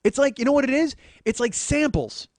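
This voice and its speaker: A man's voice: very high-pitched, expressive, a little fast, slight background noise. A man hosting a comedy podcast, telling a story as an exasperated, profane monologue. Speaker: podcast host.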